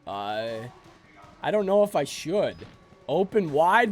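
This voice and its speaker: A man's voice: on the high side, very animated, slow pace, faint music behind. A man streaming a game live, joking and rambling sleepily with his chat.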